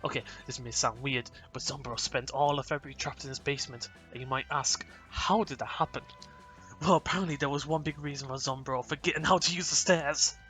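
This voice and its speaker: Brief: casual male game reader, playful and quick to laugh, crisp bright tone over faint music. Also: mid-range voice, fairly even intonation. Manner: playful, laughs often, trips over words. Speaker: player reading a text game aloud.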